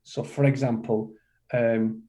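A middle-aged man from the UK speaks as a podcast guest in a warm, mellow voice. His pitch sits in the everyday middle for a man. He talks with passion and emphasis, repeating his key phrases and calling the listener "man" like a motivational coach. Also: level tone, takes it slowly. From United Kingdom. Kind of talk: podcast interview conversation.

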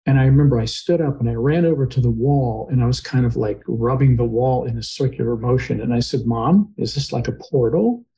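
A man's voice: medium pitch, fairly even intonation, fast, few pauses, warm tone, rough recording. A man, a podcast guest, earnestly retelling a personal experience in conversation, sometimes getting emotional.

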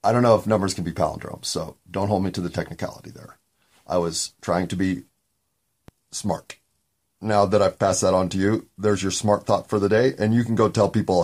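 A man with a gravelly voice hosting a podcast, talking in a candid, meandering solo monologue with occasional swearing. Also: on the low side, unhurried, pauses often. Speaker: podcast host.

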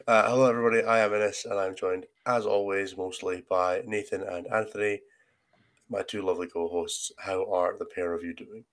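Hoarse Scottish man joking on a podcast. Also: low-pitched, fairly even intonation, normal speed, a bit bright. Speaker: podcast co-host. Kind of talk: casual podcast chat.

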